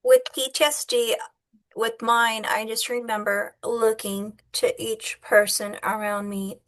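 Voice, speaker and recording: A woman from Southern California with a fairly high voice talks earnestly in a casual interview. She leans on repetition to drive her points home. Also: level tone, slow. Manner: earnest, repeats phrases for emphasis. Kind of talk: casual conversation.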